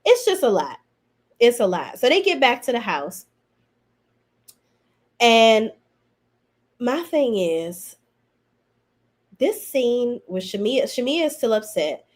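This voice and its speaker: A woman's voice: on the high side, slow pace, long pauses. Sassy, blunt woman podcast host. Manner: sassy, animated, blunt, slangy. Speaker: podcast host reviewing reality TV. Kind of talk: casual opinionated recap commentary.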